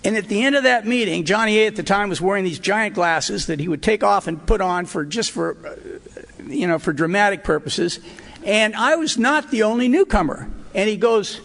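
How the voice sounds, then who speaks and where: A man's voice: high-pitched, expressive, moderate pace, gravelly, a bit bright. An older man sharing his personal recovery story at a meeting, earnest and emotional, with wry asides. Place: hotel meeting hall. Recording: reverberant hall recording.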